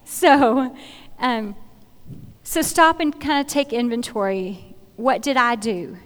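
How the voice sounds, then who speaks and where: A middle-aged woman speaks to a church gathering in an earnest, conversational way, often restarting phrases as she works toward her point. Her voice sits slightly high. The sound carries the long reverb of a large hall. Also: slow pace. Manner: earnest, conversational, repeats phrases while finding words. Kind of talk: sermon-style Bible teaching.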